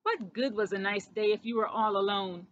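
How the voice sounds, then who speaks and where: A woman reading a storybook aloud to children, expressive, with small slips. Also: medium pitch, normal speed, a little hiss or hum. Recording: dull lo-fi recording.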